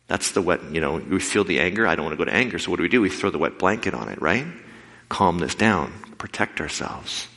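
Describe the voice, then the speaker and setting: Animated man preaching in a hall. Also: sits low. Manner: animated, acts out quoted voices. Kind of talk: sermon with storytelling. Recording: long hall reverb.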